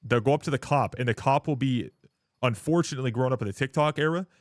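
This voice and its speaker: A man's voice: mid-range voice, quick pace, no echo, clean studio sound. A young man streaming live, ranting to his chat in a blunt, profane way and mocking other people in put-on voices. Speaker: livestreamer.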